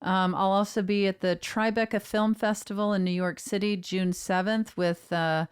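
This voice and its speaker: Middle-aged woman chatting laid-back on a podcast, smooth voice, dry close mic. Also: mid-range voice, steady tone, normal speed, no room sound. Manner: laid-back, trailing asides with fillers. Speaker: podcast co-host. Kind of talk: casual chat.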